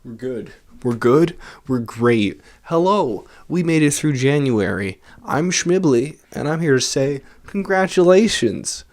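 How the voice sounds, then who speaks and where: A man's voice: on the high side, expressive, unhurried, hardly any pauses. A man ranting casually in his own vlog, rambling and self-mocking with a sarcastic edge, into a large studio microphone. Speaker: vlogger.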